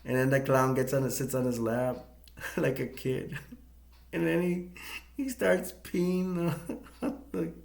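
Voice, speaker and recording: A man's voice: mid-range voice, steady tone, slow, gravelly, long pauses, darkish tone. A man casually retelling a film as a reviewer, rambling with many fillers and restarts and chuckling often, in an echoey room. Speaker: movie reviewer.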